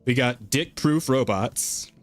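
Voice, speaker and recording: A man's voice: mid-range voice, takes it slowly, faint music behind. A man co-hosting a casual podcast, swearing freely, laughing a lot and restarting his sentences. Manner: loose and profane, laughs often, stammers on restarts. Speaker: podcast co-host.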